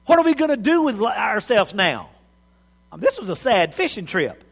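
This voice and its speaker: A man's voice: sits high, very animated, moderate pace, gravelly, husky, long reverb tail. A male pastor preaching a sermon, telling the story with acted-out voices and chuckles. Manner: storytelling, acts out scenes, chuckles.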